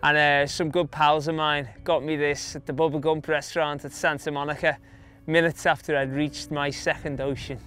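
A man's voice: on the high side, level tone, moderate pace, a bit bright. A young adult man from England with an English accent, casually telling stories from his run in an interview, chatty and full of fillers. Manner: chatty, anecdotal, many fillers. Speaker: interviewee, long-distance runner.

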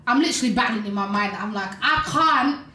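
A woman's voice: mid-range voice, rapid-fire. A young woman chats on a podcast, her voice rising and falling as she tells stories, peppered with "like" and "you know". The sound is roomy and echoey, with a faint hum of ambience behind her. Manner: animated storytelling with many "like"s and "you know"s. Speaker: podcast co-host. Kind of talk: casual podcast chat.

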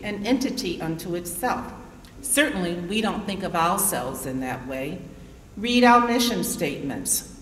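A woman's voice: on the low side, a bit bright, a little hiss or hum. A woman in her sixties giving a formal keynote address as an association president. She asks the audience rhetorical questions. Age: 60s. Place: large conference hall. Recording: roomy reverberant hall, distant mic.

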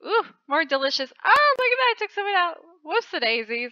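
A woman hosting a channel, giving excited commentary as she plays a game, gushing and squealing at close calls. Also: very high voice, brisk, dry recording, dull audio. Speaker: channel host.

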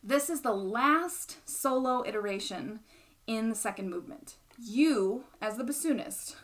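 Brief: young female music teacher, slightly high voice, patient explanatory delivery. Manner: patient, explanatory, checks in with "right?". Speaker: bassoon teacher. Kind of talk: instructional explanation.

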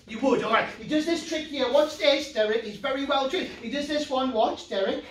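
A man's voice: extremely high pitch, brisk, fairly bright tone, echoey room, recorded from a distance. A man from North East England with a Geordie accent, doing a playful children's magic show and talking straight to the kids watching at home.

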